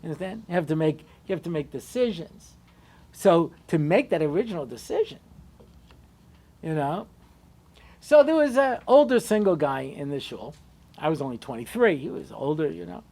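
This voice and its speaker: Animated rabbi telling a story. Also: male voice, moderate pace. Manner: conversational, many asides and "you know"s; animated, shifting pitch and loudness. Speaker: rabbi and lecturer. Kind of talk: storytelling Torah lecture.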